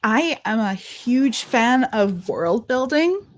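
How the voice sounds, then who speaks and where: A woman's voice: on the high side, animated, takes it slowly, no echo. A woman with a Scottish accent, chatting enthusiastically as a podcast co-host and asking an author questions. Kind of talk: casual chat.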